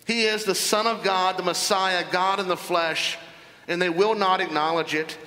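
A man's voice: high-pitched, fairly even intonation, moderate pace, sharp tone, big-room sound, rough recording. A man preaching a sermon, reading scripture verse by verse and commenting on it with emphasis. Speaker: pastor.

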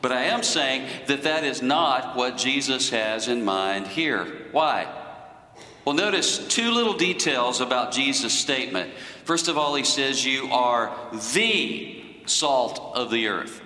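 A man preaching a sermon in a slow, deliberate teaching manner. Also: mid-range voice, animated, sharp tone, reverberant, in a large hall, rough recording.

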